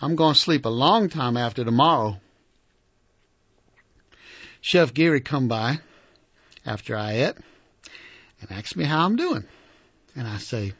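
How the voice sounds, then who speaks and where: A man with a gravelly, husky voice, reading first-person audiobook narration in character with a halting, earnest, plain-spoken delivery. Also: mid-range voice, animated, fairly bright tone, no room sound. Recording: dull lo-fi recording.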